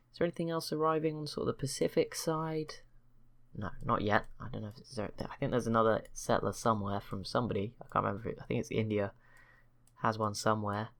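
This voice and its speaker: Low-voiced man casually commentating a strategy game. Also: gravelly, fairly bright tone. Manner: rambling, self-correcting, wry teasing asides. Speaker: strategy game channel host. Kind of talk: casual let's-play commentary.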